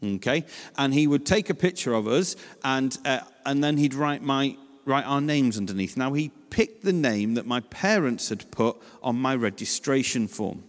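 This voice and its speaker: A man's voice: medium pitch, expressive, normal speed. Chatty man speaking in a reverberant church. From England. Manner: chatty storytelling with asides and quoted voices. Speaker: children's officer giving a talk in church. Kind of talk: church talk.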